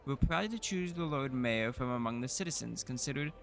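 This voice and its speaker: A man's voice: mid-range voice, expressive, fairly quick, gravelly, faint music behind. A man reading out the lines of a proud male city official in a fantasy game. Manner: formal, proud. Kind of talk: reading game dialogue aloud.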